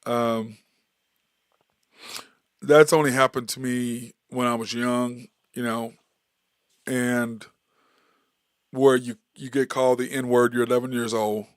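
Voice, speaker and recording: A man's voice: mid-range voice, little pitch movement, takes it slowly, pauses often, clear, resonant tone, no echo, clean studio sound. A middle-aged man, hosting a casual sports talk show, telling stories emphatically and repeating his points. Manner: storytelling, emphatic, repeats phrases.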